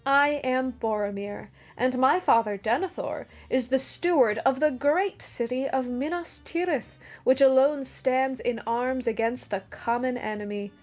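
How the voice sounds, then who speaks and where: A woman's voice: sits high, a little slow, hardly any pauses, soft background music. A woman reading the lines of a boastful, proud warrior man in a grand, self-important way.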